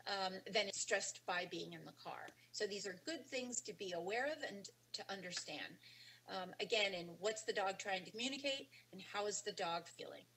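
A woman talks through a lesson on dog body language in a loose, conversational way. She pauses on ums and restarts her sentences. Her voice sits at an ordinary middle pitch, with a faint hum underneath. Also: animated, a bit bright, low-quality recording. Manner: casual explaining with many ums and restarts. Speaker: dog training instructor. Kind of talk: webinar lecture.

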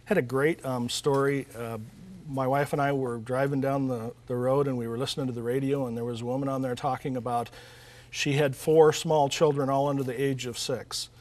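A male author being interviewed, middle in pitch. He talks earnestly and tells stories at a conversational pace, often restarting his sentences as he goes. His speech is warm and sincere rather than polished. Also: flat delivery, a little fast. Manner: earnest, storytelling, with frequent restarts. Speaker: author and guest.

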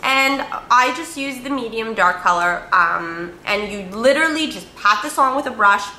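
A woman's voice: a little high, animated, moderate pace, bright, forceful tone, roomy sound, slight background noise. A woman beauty vlogger chatting casually through a product review, upbeat and full of fillers and repeated words.

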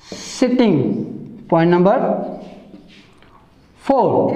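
Male teacher, high voice, unhurried step-by-step grammar explanation. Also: mellow, roomy sound, highs cut off. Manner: slow, step-by-step explaining, repeats words for emphasis. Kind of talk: classroom grammar lesson.

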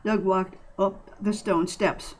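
A woman reading a short story aloud in a plain, steady way with occasional slips. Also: mid-range voice, slow, poor audio. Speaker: narrator.

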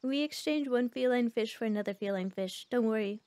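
Expressive young woman streamer, high voice. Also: fairly quick, no echo. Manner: expressive, reacts loudly to the game and chat. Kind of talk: casual gameplay commentary. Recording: faint background music.

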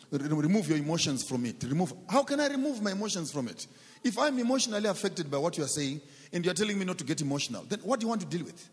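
A man preaching with a fairly high voice, pressing his points with rhetorical questions and repeated words. He slows down to drag out the words he stresses. His voice rings with the long echo of a big hall. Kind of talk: sermon. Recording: long reverb of a large hall.

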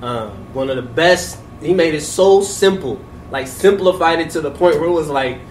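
Man, podcast guest, relaxed filler-heavy talk, echoey noisy room. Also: on the high side, moderate pace. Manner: laid-back, talks with many fillers. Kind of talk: casual chat. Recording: echoey room with clear background noise.

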